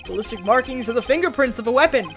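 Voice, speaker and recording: A woman's voice: on the high side, animated, quick pace, soft background music. A woman voicing a young male defense attorney who argues firmly and methodically. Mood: pressing. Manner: firm, methodical courtroom argument.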